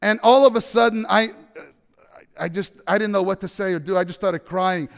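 A man's voice: high-pitched, moderate pace, gravelly, clear, resonant tone, big-room sound. A man preaching a sermon by telling a personal story, acting out the dialogue and asking the audience questions. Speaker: pastor.

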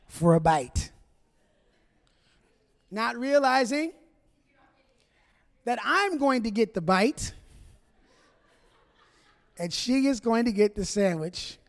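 In a big church hall with long reverb, a pastor whose voice is high and light for a man gives a funny, conversational sermon. He speaks straight to the congregation, taking turns teasing the men and the women.

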